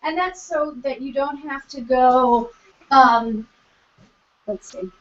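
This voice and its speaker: Patient female violin teacher, slightly high voice; dull, echoey video-call sound with a violin in the background. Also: slow pace. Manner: patient, encouraging, sings bowing syllables. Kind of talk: online teaching demonstration. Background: violin playing.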